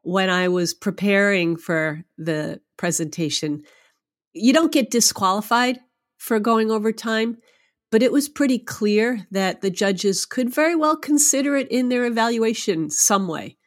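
A woman guest on a podcast interview, telling a story in an animated, emotional way and laughing often. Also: mid-range voice, unhurried. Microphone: remote podcast microphone.

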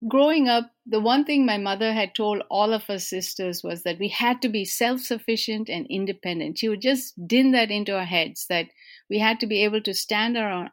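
A woman from India, answering interview questions in a warm, self-deprecating storytelling manner with frequent small hesitations. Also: mid-range voice. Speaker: interviewee, organization president.

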